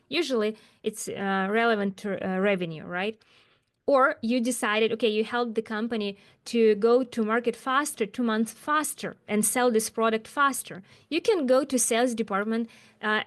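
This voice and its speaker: A woman speaking as an as an interview guest, talking about her work with emphatic, animated rhetorical questions. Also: on the high side. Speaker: guest, agile coach. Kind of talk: interview conversation.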